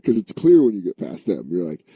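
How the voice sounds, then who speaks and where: A man's voice: low voice, wildly swooping pitch, a little fast, dark tone, slightly rough, no room sound. A man co-hosting a comedy podcast, riffing loosely in casual chat and slipping into goofy voices. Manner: riffing, doing silly mock voices. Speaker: podcast co-host.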